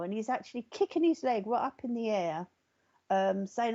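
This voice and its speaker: Woman medium doing a live reading, soothing, keeps asking okay? all right?, warm mellow voice, kinda muffled audio. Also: fairly high pitch, expressive, moderate pace. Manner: reassuring, often checks in with "okay?" and "all right?". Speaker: psychic medium.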